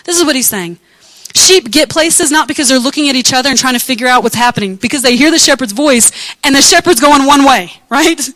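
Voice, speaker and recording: Animated high-voiced woman pastor preaching. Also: a little fast, no echo, rough recording. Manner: conversational, animated, acts out lost sheep in high squeals. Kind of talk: sermon. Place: church room with congregation.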